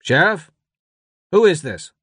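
A man's voice: fairly high pitch, big pitch swings, slow pace, fairly bright tone, breathy edge, dry recording, pitched above the performer's own voice, heavily acted. A man doing a terse deputy on the radio.

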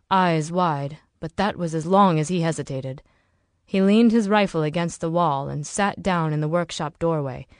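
Low-voiced woman narrating a novel. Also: a little mellow, no echo, clean studio sound. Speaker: audiobook narrator. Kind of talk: scripted narration.

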